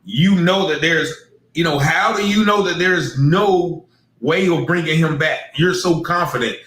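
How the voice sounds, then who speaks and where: A man giving casual true-crime commentary on an emergency call recording, questioning in a skeptical, drawn-out way. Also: a little high, a bit bright, reverberant, poor audio.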